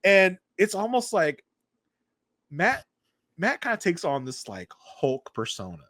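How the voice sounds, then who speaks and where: A man co-hosting a podcast from his basement, chatting casually about a TV episode and acting out scenes in quick voices. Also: high voice, huge pitch swings, a bit bright, dry recording, studio quality. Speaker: podcast co-host. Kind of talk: casual TV recap chat. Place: home basement.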